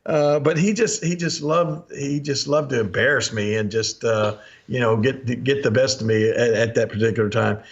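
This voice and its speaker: Older male podcast host, mid-pitched, rambling anecdotes with frequent laughs, slightly dull lo-fi audio. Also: normal speed, hardly any pauses. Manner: rambling, laughs often, acts out quotes. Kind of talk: storytelling chat.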